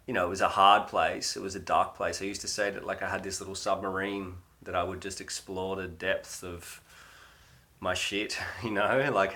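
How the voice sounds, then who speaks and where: An Australian man in his thirties hosts a casual livestream, talking to viewers in a rambling, filler-heavy way. His voice sits low but has a bright, forceful edge. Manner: rambling and chatty, with many fillers. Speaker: livestream host.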